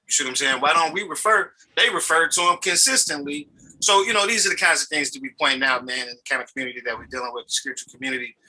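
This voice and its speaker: A man who is a pastor, talking casually and in a lively, preacherly way on a video call. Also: fairly high pitch, fast talker, rough recording. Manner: animated, preacherly, repeats "you know what I'm saying". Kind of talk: casual chat.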